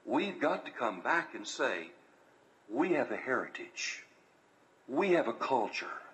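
A man preaching in a Southern drawl, his voice climbing high and bright at the peaks before sinking low. His pitch swings widely from line to line, and the sound is crisp and forceful. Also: sing-song, takes it slowly, poor audio. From American South. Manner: preaching that swells to loud peaks then drops low. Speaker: pastor. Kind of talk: fiery sermon.

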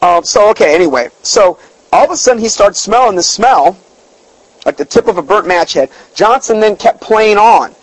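A man's voice: sits high, animated, moderate pace, no echo, low-quality recording. A man preaching a sermon in a chatty storytelling way, emphatic, his voice jumping up when he is stirred. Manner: conversational asides, fillers and restarts.

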